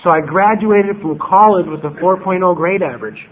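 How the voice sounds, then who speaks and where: A man with a notably high voice talks through his recovery story, circling back and tripping over repeated words as he quotes old conversations. The audio is thin and tinny, like it came over a phone line. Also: fairly quick. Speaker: recovery meeting speaker. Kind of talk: personal testimony at a recovery meeting.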